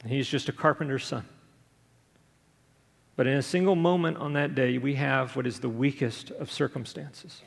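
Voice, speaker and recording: A man's voice: medium pitch, fairly even intonation, moderate pace, creaky. A man preaching a sermon as pastor, earnest, telling a story and acting out the quoted voices. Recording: long hall reverb.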